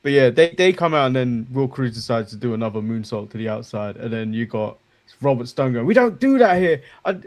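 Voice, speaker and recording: A man's voice: medium pitch, a little fast. A man co-hosting a casual wrestling review chat, rambling and joking, chuckling at his own remarks. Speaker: co-host.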